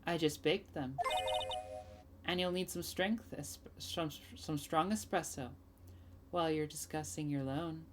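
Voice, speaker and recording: A woman voicing a soft-spoken, sweet older woman who runs a lending business, speaking gently over game music. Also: sits low, measured pace. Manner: gentle, honeyed.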